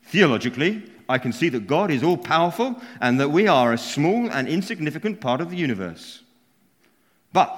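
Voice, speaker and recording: A man's voice: on the high side, very animated, a little fast. A man preaching a sermon, telling stories with frequent chuckles. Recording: long hall reverb.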